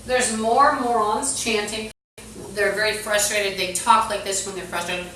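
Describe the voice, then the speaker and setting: A woman's voice: mid-range voice, fairly even intonation, unhurried, pushed and bright, slight background noise. Agitated, profane woman streaming from a roomy space. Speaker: live streamer. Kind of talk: live-streamed monologue. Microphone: phone streaming app.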